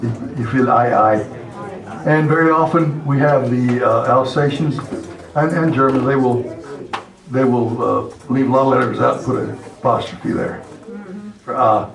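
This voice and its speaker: An older man teaching a language class, speaking slowly and patiently and spelling words out letter by letter. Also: mid-range voice, fairly even intonation, vocal fry, crowd noise. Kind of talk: classroom lesson. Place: classroom or meeting hall. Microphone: far camera. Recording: echoey hall from far off with murmuring class.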